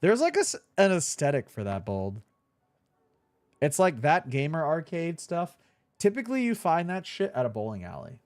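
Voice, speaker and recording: A man's voice: a little high, huge pitch swings, moderate pace, no echo. A young man chatting casually while playing a video game, laughing easily and swearing now and then. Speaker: streamer. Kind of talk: casual let's-play commentary.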